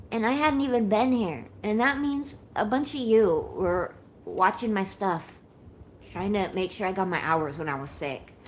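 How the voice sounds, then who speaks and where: A woman's voice: medium pitch, measured pace, a little hiss or hum. A woman in her forties chatting casually with viewers on a livestream, shaky and unwell, talking in an emotional, rambling way and thanking them often. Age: 40s.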